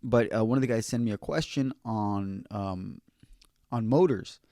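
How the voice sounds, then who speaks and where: A man who works as an electrician, giving casual, earnest advice on passing an exam, slowing down to repeat key points. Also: fairly low pitch, dark tone, no echo, studio quality. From California.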